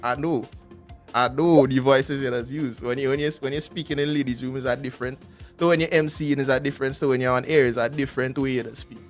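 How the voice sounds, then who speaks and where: A man's voice: mid-range voice, fairly even intonation, fast, faint music behind. A man co-hosting a morning radio show, teasing and often repeating himself. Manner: laughing, teasing, repetitive. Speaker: radio co-host.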